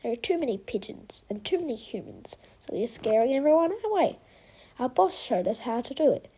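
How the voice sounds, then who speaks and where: A woman's voice: on the high side, very animated, brisk, warm tone, slight background noise, low-quality recording. Woman whispering as a flock of plotting crows. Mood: conspiratorial.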